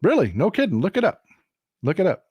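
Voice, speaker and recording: A man's voice: sits high, wildly swooping pitch, fairly quick, a little mellow, slightly rough, no room sound. A middle-aged man with a Texan accent, hosting a live stream and telling folksy stories in a chatty, emphatic way. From Texas. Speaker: livestream host. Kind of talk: casual chat.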